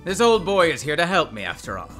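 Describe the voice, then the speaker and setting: A woman voicing a weary middle-aged male magician father in a lowered, subdued, apologetic voice while reading along in a video game. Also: very animated, quick pace, a bit bright. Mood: reassuring. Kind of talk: playthrough voice acting. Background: game music.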